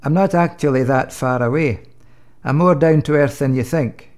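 A man playing God as a patient, fatherly deity in a comic sketch, dry and gently joking. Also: medium pitch, normal speed, close to an everyday voice. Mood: teasing.

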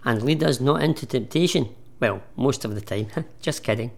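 A man's voice: medium pitch, moderate pace, creaky. A man playing a doubting, cheeky disciple in a comic church sketch. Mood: wry. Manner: hesitant, cheeky. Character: doubtful grown male disciple. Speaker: radio station manager.

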